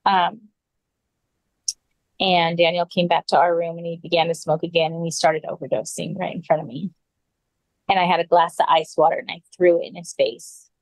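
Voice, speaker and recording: A woman with a lowish voice tells a personal story as a podcast guest. Her telling is earnest, with frequent throat clearing. The sound is dry and close. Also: steady tone, moderate pace, dry recording, poor audio.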